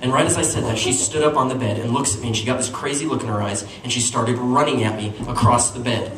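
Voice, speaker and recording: A man's voice: fast, a bit bright. Young man telling a stand-up story in an echoey room. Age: young adult. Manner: self-deprecating, acts out quotes with playful pitch jumps. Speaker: stand-up comedian. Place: small venue with audience. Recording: echoey room, distant mic, audience noise.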